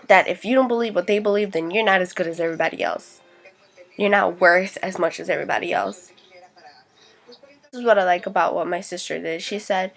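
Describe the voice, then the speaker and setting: A woman's voice: on the low side, a bit bright. Indignant young woman venting, swearing freely. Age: young adult. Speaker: vlogger. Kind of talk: casual venting vlog.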